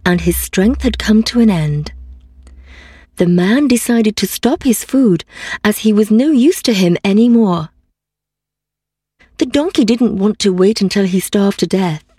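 A woman reads a fairy tale aloud in a calm, measured way. Her voice is husky and she reads slowly. The sound is dry and close. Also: medium pitch, no echo. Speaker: storyteller.

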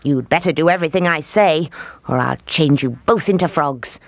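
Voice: medium pitch, normal speed, no room sound, lightly acted. A narrator putting on a snarling old witch. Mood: bossy. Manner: snapping, snarling, scolding. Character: bossy scheming old witch.

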